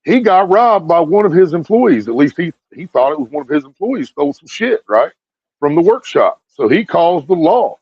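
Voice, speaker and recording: A man's voice: on the high side, very animated, normal speed, slightly rough, no echo. A man ranting bluntly to his viewers with heavy swearing, repeating himself as he talks, on a dull lo-fi recording. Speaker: video streamer. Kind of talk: profane ranting commentary to viewers.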